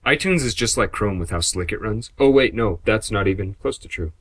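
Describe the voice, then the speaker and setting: A man's voice: lowish voice, animated, fairly quick, a bit bright. A man hosting a casual gaming podcast, joking and poking fun at himself. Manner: self-deprecating, joking. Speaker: podcast host.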